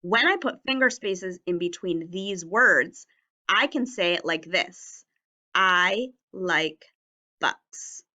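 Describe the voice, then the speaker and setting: An elementary teacher leads a children's writing lesson on video, speaking slowly and enunciating carefully so young learners can follow. Her lowish voice is bright and forceful, with lively intonation.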